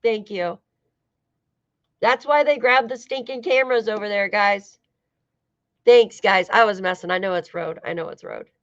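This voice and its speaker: A woman's voice: medium pitch, moderate pace, long pauses, no echo. A woman hosting a casual true-crime livestream, talking loosely to her chat, swearing now and then and laughing often. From United States. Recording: dull lo-fi dry sound.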